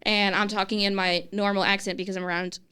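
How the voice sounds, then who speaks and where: Smooth-voiced young Midwestern woman. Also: mid-range voice, quick pace. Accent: Midwestern American. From St. Louis, Missouri. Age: young adult. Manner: giggly, rambling, animated. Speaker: guest, student. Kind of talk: casual storytelling.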